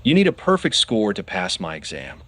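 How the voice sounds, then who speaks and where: A man's voice: lowish voice, wildly swooping pitch, normal speed, fairly bright tone, no echo, full character voice. A man voicing a huge, stern male weapons instructor who bellows orders. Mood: stern bellowing.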